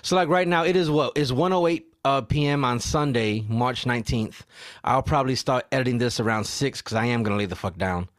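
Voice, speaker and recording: A man's voice: medium pitch, brisk, no room sound, clean studio sound. A man hosting a casual podcast, swearing freely, laughing often and getting worked up as he chats with his co-host. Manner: profane, animated, laughs often.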